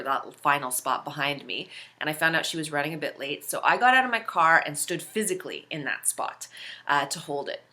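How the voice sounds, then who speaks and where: A woman with a low, sharp-toned voice hosts a video series. She tells a personal story in a casual, earnest, reflective way, leaning heavily on filler words.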